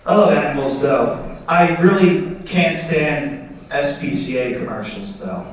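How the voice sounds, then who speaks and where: A man's voice: on the high side, unhurried. A young man doing stand-up comedy on a theatre stage, rambling with self-deprecating asides. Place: theatre stage before a live audience. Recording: distant echoey theatre with crowd.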